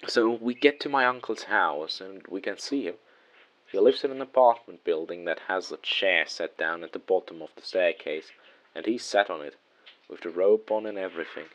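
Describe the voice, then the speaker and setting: Deep-voiced man narrating a horror story. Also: moderate pace, a bit bright, poor audio.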